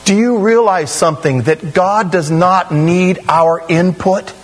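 A man preaching a sermon in a conversational, animated way, with sudden rises in pitch. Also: unhurried, faint music behind, poor audio. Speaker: pastor.

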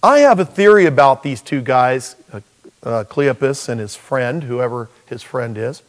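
A man preaching a sermon, animated and jokey, acting out bits of dialogue as he goes. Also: mid-range voice, unhurried. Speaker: pastor.

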